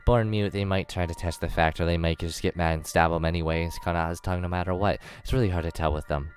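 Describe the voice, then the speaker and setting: A man's voice: deep voice, steady tone, fast talker, a little hiss or hum. A man playing a tabletop game on a voice call, hesitant and apologetic, often stammering and restarting. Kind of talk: casual game chat with in-character asides.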